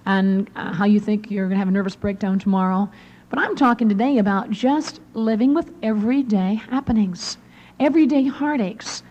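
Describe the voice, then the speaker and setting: A young adult woman giving an earnest devotional talk to women, often dropping to a soft near-whisper for emphasis. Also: a little high, low-quality recording. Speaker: women's conference speaker.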